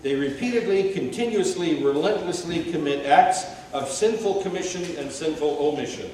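A man preaching a sermon, swinging between loud rhetorical questions and low, quiet asides. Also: expressive, moderate pace, few pauses. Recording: very echoey hall, mic at a distance, faint hiss.

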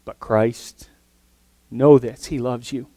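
An earnest male preacher delivers his sermon in a middle-pitched voice. He punches some lines loudly and drops others to a hush. The sound is dry, with no room echo. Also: steady tone, slow. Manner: earnest, swings from loud emphasis to soft near-whispers.

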